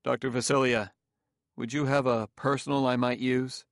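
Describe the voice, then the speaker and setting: A man voicing a weary, stubborn middle-aged detective who speaks in a measured, guarded way in an audiobook reading. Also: mid-range voice, flat delivery, dry recording, clean studio sound, lightly acted.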